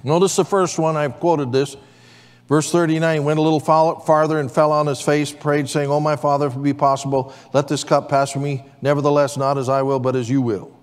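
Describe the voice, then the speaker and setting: A man's voice: on the high side, level tone, fairly quick, smooth. A man preaching as pastor in a church, calling for amens from the congregation. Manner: preaching with call-and-response amens. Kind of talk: sermon. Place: church sanctuary. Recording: long church hall reverb.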